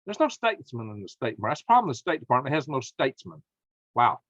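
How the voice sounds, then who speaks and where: A man's voice: mid-range voice, big pitch swings, fast talker, a bit bright, no room sound, lo-fi sound. A man hosting political commentary, reading news and reacting with indignation, often apologizing to his viewers.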